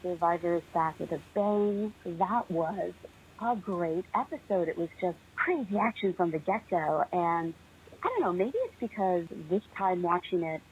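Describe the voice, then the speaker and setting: A young woman calling in to a podcast, chatty and excited, laughing often, heard over a tinny phone line. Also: on the low side, moderate pace, slightly rough. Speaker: podcast caller. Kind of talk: casual voicemail chat.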